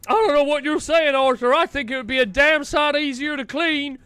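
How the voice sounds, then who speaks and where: A man's voice: very high voice, moderate pace, pushed and bright, no echo. A man voicing a pompous, reckless male gang leader who talks in a bossy, smug, dismissive way.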